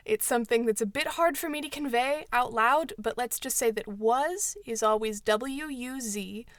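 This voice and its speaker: A woman's voice: a little high, fairly bright tone, no echo, studio quality. A woman hosting a book club show, summarizing an old novel with wry, joking asides.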